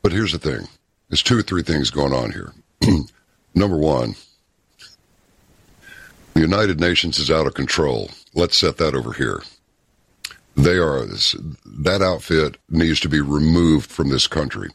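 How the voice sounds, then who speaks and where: A man hosting a talk show, telling stories and giving opinions in a folksy, unhurried way. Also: extremely low pitch, animated, vocal fry, a bit bright, husky, dry recording, clean studio sound. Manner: folksy, opinionated, storytelling with pauses. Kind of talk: casual talk radio commentary.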